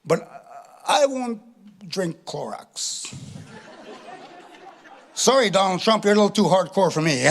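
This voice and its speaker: A man's voice: high voice, expressive, takes it slowly, vocal fry, long pauses, some chatter behind. A middle-aged man performing a chatty, self-mocking stand-up comedy set, tagging his lines with "eh". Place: live stage before an audience.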